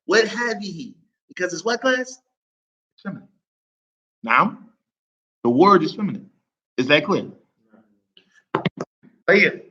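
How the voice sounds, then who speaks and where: Lively, bright-voiced teacher man. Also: sits high, a little slow, pauses often, dull audio. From United States. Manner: playful, quizzing the class with repeated questions. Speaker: Arabic teacher. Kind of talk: classroom lesson with call-and-response. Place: classroom.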